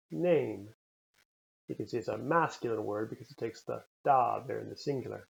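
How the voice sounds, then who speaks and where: A man teaching a recorded language lesson, repeating words slowly and carefully for the learner. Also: mid-range voice, gravelly, lo-fi sound. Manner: slow, careful pronunciation drills.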